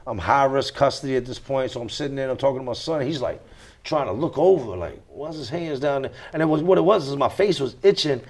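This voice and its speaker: A man's voice: medium pitch, animated, fast talker. Blunt, emphatic American man. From United States. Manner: blunt, emphatic street talk with repeated phrases. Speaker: interview guest. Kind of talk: candid storytelling interview.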